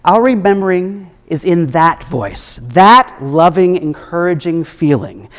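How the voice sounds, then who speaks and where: A man preaching a sermon as minister, reflective and gently humorous, his voice at times dropping soft. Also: high-pitched, lively intonation, unhurried. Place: church sanctuary. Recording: echoey hall with long reverb.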